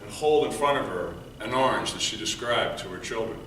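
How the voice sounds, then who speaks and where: A man giving a prepared storytelling speech at a speech contest, earnest, moving between loud emphasis and quiet, hushed passages. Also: medium pitch, animated, fairly quick. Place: meeting room before an audience. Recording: echoey room, mic from far off, faint noise.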